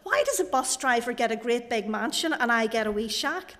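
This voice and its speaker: An indignant minister, played by a woman preacher, protests in a voice, pitched fairly high. A long church reverb hangs on every word. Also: lively intonation, a little fast, fairly bright tone. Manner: protesting, put-out. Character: indignant male minister outraged at his wee shack.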